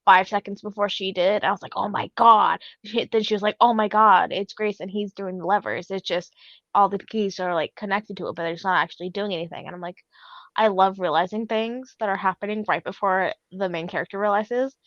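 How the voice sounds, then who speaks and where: A woman's voice: mid-range voice, steady tone, brisk, no echo. Laid-back young woman, dry dull sound. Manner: slangy, laid-back chatter. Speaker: podcast co-host. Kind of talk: casual book chat.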